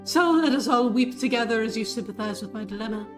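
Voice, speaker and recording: A woman's voice: fairly high pitch, quick pace, natural voice. A woman voicing a flamboyant, vain young man who tells his story with grand theatrical flourishes, reading game dialogue over game music. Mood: grandiose.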